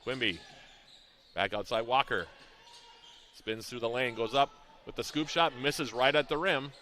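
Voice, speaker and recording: A man calling a college basketball game play-by-play, reading out plays, scores and shooting stats in a brisk, rhythmic way. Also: mid-range voice, pushed and bright. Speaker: play-by-play announcer.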